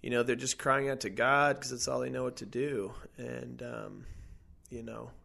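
A man with a heavily gravelly, fry-laden voice recounts a personal testimony in casual conversation. He speaks earnestly and haltingly, often pausing on fillers and using slang. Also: mid-range voice, flat delivery, pushed and bright.

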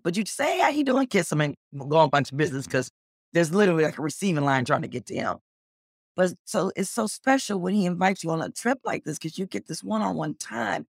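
A middle-aged woman telling a story as an interview guest, animated and acting out the dialogue she quotes. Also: vocal fry, dry recording, studio quality. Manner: animated, acts out quoted dialogue with big pitch jumps.

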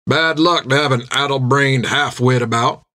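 A man voicing a brawny, quarrelsome male sailor who threatens in rough slang, pitched above his own voice. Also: normal speed, bright, forceful tone, no echo, studio quality, lightly acted. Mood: menacing.

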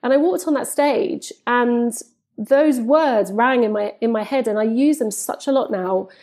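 Woman in her forties, sports presenter guest, mellow, fairly high voice, animated storyteller. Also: measured pace. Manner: animated, acts out quoted dialogue. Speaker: football presenter and reporter, guest. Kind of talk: podcast interview, storytelling.

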